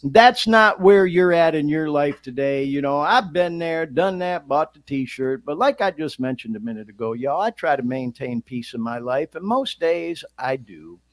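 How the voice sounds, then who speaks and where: Laughing, profane podcast host with a Detroit accent. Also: male voice, a little high, normal speed, hardly any pauses, no echo, clean studio sound. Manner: profane, laughs often, expressive swings. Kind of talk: casual podcast monologue.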